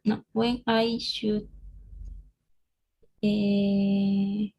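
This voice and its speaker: A woman's voice: medium pitch, level tone, very slow, gravelly, dark tone, slightly rough, poor audio. A woman student whose first language is Spanish, speaking English with a Spanish accent, hesitant and searching for words in an online lesson.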